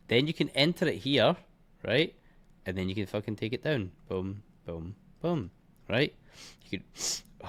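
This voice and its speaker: A man walking through trading charts in a blunt, heavily profane and scornful way, punctuating points with bursts like boom and bish bash bosh. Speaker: trading educator. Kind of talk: live chart walkthrough.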